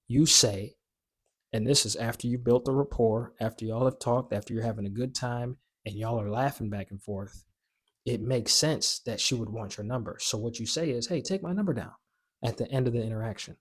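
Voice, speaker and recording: A man talks straight to his viewers in a relaxed vlog and coaches them in a direct, confident way. His voice sits in an ordinary middle pitch, and he hammers his main points home by repeating them. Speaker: vlogger giving dating advice. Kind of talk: casual straight-to-camera advice.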